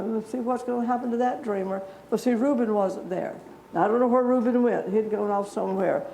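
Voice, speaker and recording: In an echoey church room, a woman tells children a Bible story, chatting with them and asking them questions. Her voice is medium-pitched and warm with some vocal fry, and there's a slight hiss or hum in the recording.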